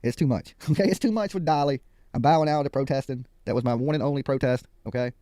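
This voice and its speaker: Fast-talking joking male streamer, dry sound. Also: medium pitch, warm tone, no echo. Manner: joking, laughs often, swears freely. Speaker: livestream host. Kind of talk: casual livestream chat.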